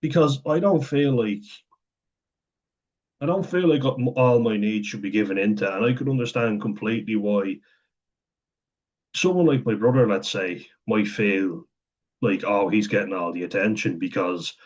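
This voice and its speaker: A man's voice: fairly low pitch, unhurried, long pauses, darkish tone, lo-fi sound. A man vlogging in a rambling, candid way, swearing casually and laughing often as he reads and comments. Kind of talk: casual talk to camera, reading and commenting.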